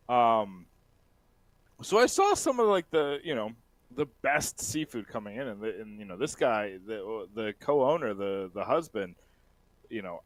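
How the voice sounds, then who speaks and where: A man's voice: medium pitch, no room sound. A man chatting casually as a co-host, telling a long, rambling story full of restarts and fillers. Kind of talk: casual chat.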